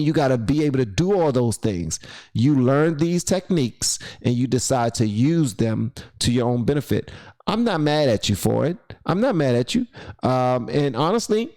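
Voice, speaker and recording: A man's voice: medium pitch, a little mellow. A man hosting a reaction video, chatting casually and playfully, sometimes slipping into a rhyming preacher cadence.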